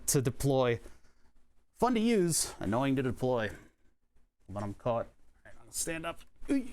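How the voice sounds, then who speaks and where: A man live-streaming as he assembles a racing wheel setup. He chats casually, jokes about himself and swears when he hurts his hand. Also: mid-range voice. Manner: joking, self-deprecating, swears when hurt. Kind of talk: casual live-stream chat while building hardware.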